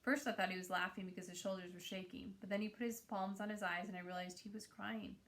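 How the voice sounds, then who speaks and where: A woman's voice: medium pitch, fairly even intonation, quick pace, fairly bright tone. A woman reading a novel aloud in a plain, earnest way, now and then stumbling and correcting herself. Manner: plain, earnest reading with small slips and restarts. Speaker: reader.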